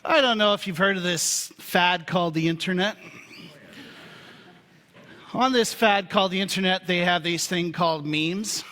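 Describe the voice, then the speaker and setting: A pastor preaching a sermon in a relaxed, joking, conversational way before turning serious. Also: male voice, sits high, moderate pace, pauses often. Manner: humorous, conversational storytelling. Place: church sanctuary. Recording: reverberant church hall.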